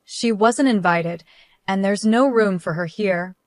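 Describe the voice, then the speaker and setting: A smug, spiteful woman with a syrupy, falsely sweet way of talking, read by a woman narrator. The delivery stays at a middling pitch. The sound is dry and close. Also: measured pace, dry recording, natural voice. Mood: sugary, mocking. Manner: overly sweet, fake concern. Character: smug spiteful woman, sister-in-law type.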